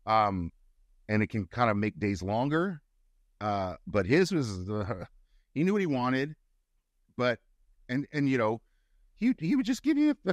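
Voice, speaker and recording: A man's voice: medium pitch, no echo, studio quality. A middle-aged male actor, a guest, telling stories in a casual interview and acting out the quotes. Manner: animated storyteller, acts out quotes.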